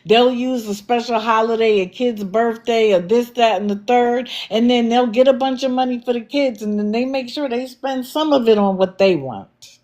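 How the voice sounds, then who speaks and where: A woman's voice: a little high, moderate pace, darkish tone, highs cut off. Blunt, scolding woman livestream host. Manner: blunt, scolding, sarcastic rhetorical questions. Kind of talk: commentary livestream.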